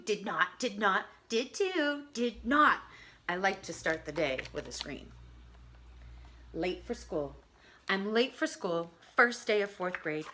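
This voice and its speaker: A woman reading a picture book of poems aloud to children, expressive and adding chatty asides to her listeners. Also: lowish voice. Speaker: reader.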